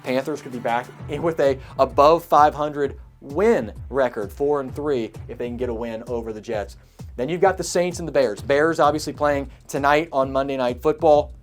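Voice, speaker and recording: A man hosting his own sports show, breaking down upcoming games in an energetic, emphatic way and repeating key points. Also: medium pitch, moderate pace, soft background music. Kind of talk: sports preview talk.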